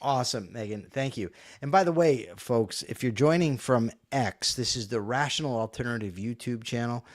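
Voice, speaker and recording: A man hosting a casual online talk show, relaxed and joking. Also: medium pitch, normal speed, hardly any pauses. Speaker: host. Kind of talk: casual chat.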